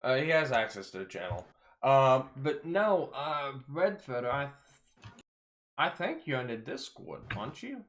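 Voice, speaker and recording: A man hosting a casual livestream chat who talks in an animated way and steps in to calm things down. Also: mid-range voice, measured pace. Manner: animated, calming others down. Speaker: livestream host.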